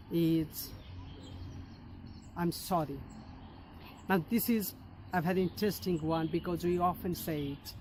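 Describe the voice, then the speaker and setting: A man teaching an English lesson, speaking slowly and deliberately and modeling phrases for learners to repeat. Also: a little high, darkish tone, a little hiss or hum.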